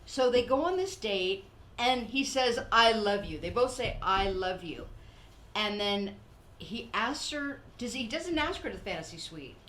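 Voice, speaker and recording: A woman's voice: medium pitch, measured pace. An older woman hosting a podcast, chatting casually and acting out what people said, with frequent laughter. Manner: animated storyteller, acts out quotes, laughs often. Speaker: podcast host. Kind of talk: casual chat.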